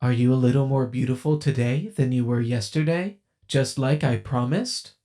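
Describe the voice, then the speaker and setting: A man's voice: mid-range voice, dark tone, close to an everyday voice. A man doing a sweetly sinister doll robot woman. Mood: sweetly coaxing. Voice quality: metallic, kind-sounding, slow and deliberate.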